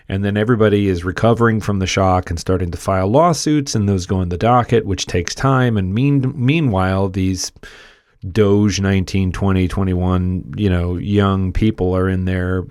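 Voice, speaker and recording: A man's voice: deep voice, darkish tone, dry recording, clean studio sound. A man hosting a political commentary video, conversational and repeating words for emphasis. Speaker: commentary channel host.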